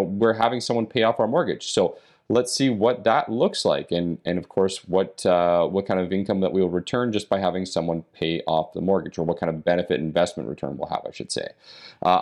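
Man, deep low voice, podcast host, explanatory, long run-on sentences. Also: a little mellow. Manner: explanatory, talks in long run-on stretches until out of breath. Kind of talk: casual podcast talk on real estate investing.

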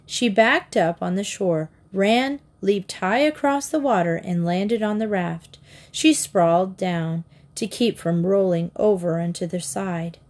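A woman narrating a children's storybook in a calm, measured reading. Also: medium pitch. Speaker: audiobook narrator.

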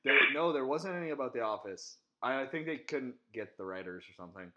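A young man co-hosting a casual podcast, cutting in with quick comebacks and reading out funny quotes. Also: medium pitch, lively intonation, lo-fi sound. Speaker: podcast co-host.

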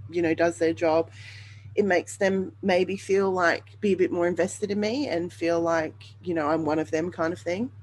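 A woman's voice: fairly low pitch, darkish tone, slight background noise, low-quality recording. Candid woman telling her story. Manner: candid, rambling, with many ums and you-knows. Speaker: podcast host. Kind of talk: personal storytelling monologue.

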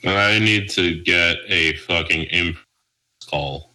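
A man co-hosting a casual comedy podcast, profane and sarcastic, with loud animated outbursts. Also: low-pitched, takes it slowly, poor audio. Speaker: podcast co-host.

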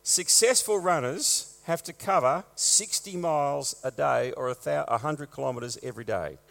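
A man's voice: on the high side, moderate pace, creaky, a bit bright, big-room sound. A man preaching as a pastor, conversational with wry asides, with a lingering post-viral cough. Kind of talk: church notices and sermon. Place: church.

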